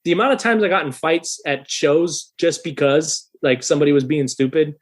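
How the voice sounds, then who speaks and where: A thirty-year-old man telling a story in a casual podcast interview, animated and profane, loudly acting out the people he quotes. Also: a little high, normal speed. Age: 30s. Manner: animated, swearing, acts out quoted voices loudly. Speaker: guest musician.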